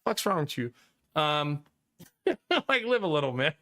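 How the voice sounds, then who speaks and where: A man's voice: a little high, very animated, a little slow, bright, forceful tone. A man streaming live and chatting casually with his viewers, rambling through a story, laughing often and swearing casually.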